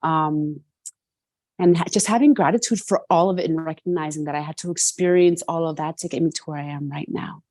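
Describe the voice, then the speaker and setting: An earnest middle-aged woman from New York City tells her story as a guest, her voice sitting a little low. She keeps checking in with a quick "right?". The sound is dry and close over a video call. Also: darkish tone, no room sound. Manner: earnest, often adds "right?". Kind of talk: reflective personal storytelling.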